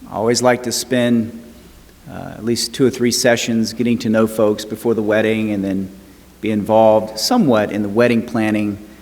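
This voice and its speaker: Male pastor, unhurried storytelling sermon, mid-pitched voice, long hall echo. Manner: storytelling, slow and measured with emphatic repetition. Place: church sanctuary. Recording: long church reverb.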